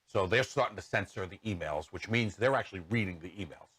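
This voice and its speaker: A man co-hosts a radio show and explains things in plain, measured terms. His voice is low and a little husky. The studio sound is dry. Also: a bit bright, no echo. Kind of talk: casual radio talk. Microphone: studio microphone.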